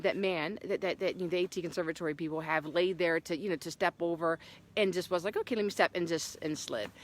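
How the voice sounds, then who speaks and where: A middle-aged woman hiker chatting to her camera outdoors on a trail, telling a story with lots of fillers and animated swings. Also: on the low side. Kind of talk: casual vlog chat. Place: outdoors on a hiking trail in the morning.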